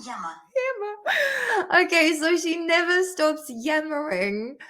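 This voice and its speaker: A woman's voice: a little high, animated, slow, a bit bright. Giggly chatty woman teaching English. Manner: chatty, giggly, laughs often. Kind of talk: casual live-stream vocabulary lesson. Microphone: desk camera mic on a makeshift stand.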